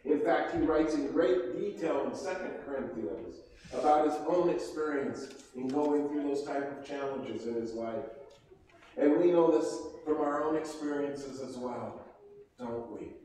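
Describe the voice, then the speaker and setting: A man's voice: medium pitch, a little slow, a little mellow, slight background noise. A man preaching a sermon as pastor, asking the congregation questions as he goes. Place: large church sanctuary. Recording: echoey hall from far off.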